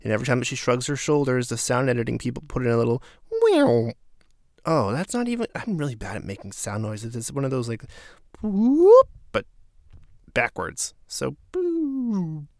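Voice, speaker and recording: Gravelly sarcastic man recapping a show. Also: medium pitch, fast, dry recording, studio quality. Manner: opinionated, sarcastic, animated asides. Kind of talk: casual recap commentary.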